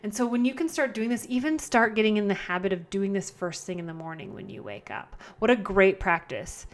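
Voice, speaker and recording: A woman hosting her own podcast from home, chatting casually and repeating herself, often slowing down on purpose. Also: medium pitch. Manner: chatty, repetitive, self-correcting, slows down to model calm breathing. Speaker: podcast host. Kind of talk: casual solo podcast talk. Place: at home indoors. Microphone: camera close by.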